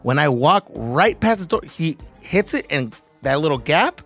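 A man with a high, lively voice tells a story in casual podcast chat. He is profane and animated, jumping into a higher voice to act out what others said. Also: normal speed, soft background music. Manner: animated, profane, acts out other people's lines in a raised voice. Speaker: podcast guest.

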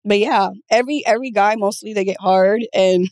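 A woman guest on a podcast, a massage therapist chatting casually, soft-spoken and shy, laughing often. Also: mid-range voice, brisk, no echo, studio quality.

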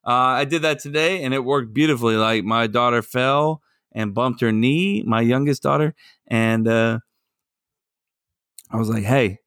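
A man's voice: medium pitch, unhurried, fairly bright tone, no room sound, studio quality. A man in his thirties, a podcast co-host telling playful, jokey dad stories in casual chat.

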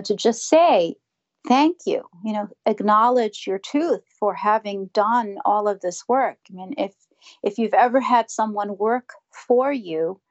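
A woman dentist speaking earnestly and reflectively in a conversational interview, sometimes acting out what her patients say. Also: medium pitch. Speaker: dentist guest.

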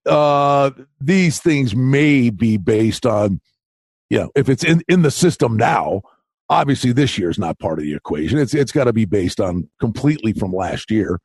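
A man co-hosting a casual sports betting podcast, talking in animated, quick bursts and cutting in on his partner. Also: medium pitch, breathy edge, no echo, studio quality. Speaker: podcast co-host.

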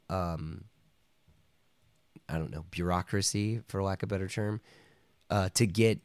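A man with a low, deep voice, talking as a podcast guest in a casual, meandering way, padding his story with fillers and slipping into quoted voices. The sound is close and dry, with no room echo, and he coughs now and then. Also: a little mellow. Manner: rambling, full of "like" and "you know", acts out quoted voices.

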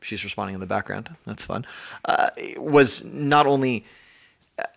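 A male podcast host talks from his home in a chatty, energetic way. He is a bit out of breath. His voice is a middle pitch for a man, and he pokes fun at himself as he goes. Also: moderate pace, vocal fry. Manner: energetic, chatty, self-deprecating. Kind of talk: casual podcast monologue.

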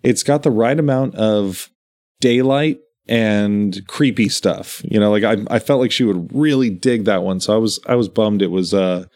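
A man's voice: on the low side, moderate pace, a little mellow. A man chatting casually as a podcast co-host, telling stories in a meandering, enthusiastic way. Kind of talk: casual chat.

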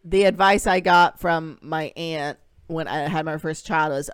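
A woman's voice: sits low, moderate pace, few pauses, no echo, clean studio sound. A woman co-hosting a podcast in casual chat, telling stories and acting out what others said. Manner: animated storyteller, acts out quoted voices. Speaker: podcast co-host.

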